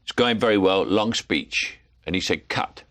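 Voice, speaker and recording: A man's voice: sits low, moderate pace, fairly bright tone. Older Cockney man telling stories. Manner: chuckling storyteller, plays voices in anecdotes. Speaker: actor, guest. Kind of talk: anecdotal chat.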